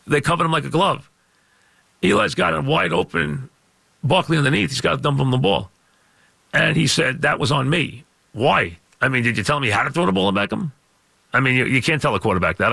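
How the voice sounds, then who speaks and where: A gravelly, emphatic man holds forth on a sports radio call-in show. His voice is bright and forceful, and the studio sound is close and dry. He repeats his points loudly. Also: on the high side, dry recording. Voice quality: gravelly, scratchy voice. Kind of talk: call-in talk radio rant. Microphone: studio microphone.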